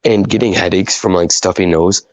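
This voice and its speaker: Man, deep voice, stuffy nose, rambling, lots of fillers, podcast guest. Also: fairly even intonation, moderate pace, no room sound, rough recording. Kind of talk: casual podcast chat.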